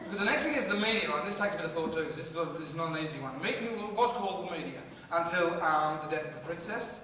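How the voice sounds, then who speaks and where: A man's voice: on the high side, animated, fast. A man doing a rambling, sweary live stand-up rant and riffing with the crowd. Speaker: stand-up comedian. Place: large theatre hall. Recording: echoey hall recorded from far off with loud noise.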